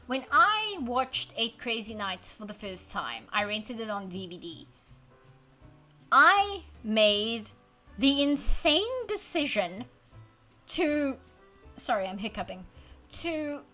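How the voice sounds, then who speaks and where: A woman's voice: mid-range voice, pushed and bright. A woman chatting casually while drawing on a live stream, rambling wryly and poking fun at herself. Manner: chatty, wry, self-deprecating rambling; reads and answers chat messages. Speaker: art streamer. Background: faint background music.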